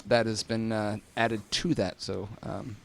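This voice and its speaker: A man's voice: on the low side, flat delivery, measured pace, vocal fry. A man hosting a tech podcast in casual chat, rambling and repeating words, often laughing. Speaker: podcast host.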